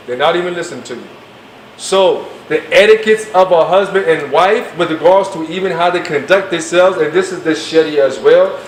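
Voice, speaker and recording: A man with a high voice lectures a class in an emphatic, casual style. The room is echoey and the mic sits at a distance. A faint hum runs underneath. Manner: emphatic, colloquial, acts out quoted speech. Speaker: Islamic class teacher.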